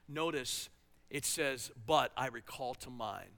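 A man preaching a sermon with passion, swinging between loud, urgent lines and quiet, hushed ones. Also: medium pitch, takes it slowly, gravelly. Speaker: pastor. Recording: long reverb of a church hall.

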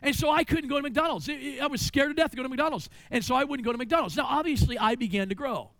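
A man's voice: very high-pitched, fast, creaky, no room sound. A middle-aged man preaching a sermon as pastor in a church, telling stories and asking rhetorical questions. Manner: animated storytelling with rhetorical questions. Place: church sanctuary.

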